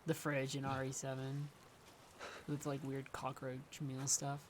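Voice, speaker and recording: Low-voiced woman chatting through a game. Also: completely flat delivery, unhurried, a little hiss or hum. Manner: chatty, wry, rambling asides. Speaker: livestreamer and game reviewer. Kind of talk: casual gameplay commentary.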